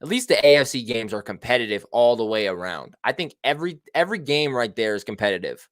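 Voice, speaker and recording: A man hosting a casual sports talk show, slangy and profane, brash and excitable with his opinions. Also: mid-range voice, fast, no room sound, studio quality. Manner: slangy and profane, with frequent "man", "bruh" and "baby". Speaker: show host.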